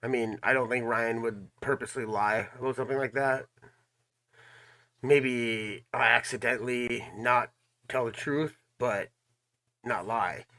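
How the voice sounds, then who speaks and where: Emphatic male reaction host with a bright voice, speaking to his viewers. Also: mid-range voice, steady tone, a little slow. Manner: emphatic, asks the audience questions. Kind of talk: casual commentary.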